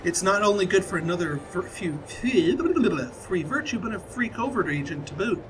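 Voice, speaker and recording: A man's voice: high voice, animated, fast, noisy background. A man casually commentating his own strategy game playthrough, chatty and full of fillers and restarts. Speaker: gameplay commentator.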